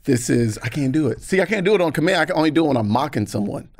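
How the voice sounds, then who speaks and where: A man chatting as a podcast guest, lively and laughing, acting out voices in his stories. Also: on the high side, very fast, no echo, studio quality. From United States. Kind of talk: casual chat.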